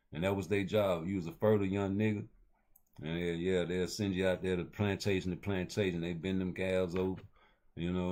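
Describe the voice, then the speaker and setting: Deep-voiced man rambling about boxing. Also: a little mellow. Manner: loose, rambling street talk with heavy slang. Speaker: host. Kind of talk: casual boxing commentary.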